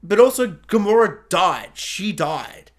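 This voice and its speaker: A reviewer's voice that swoops up and down as they talk through a film. The delivery is casual and rambling, with plenty of asides. Every so often they slip into a playful mock voice to act out a scene. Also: mid-range voice. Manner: animated, acts out characters in quick mock voices; chatty with many fillers and asides.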